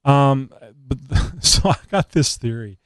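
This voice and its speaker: A man co-hosting a live talk show, joking and rambling in casual chat with frequent pauses and fillers. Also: mid-range voice, clear, resonant tone, no room sound. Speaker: co-host.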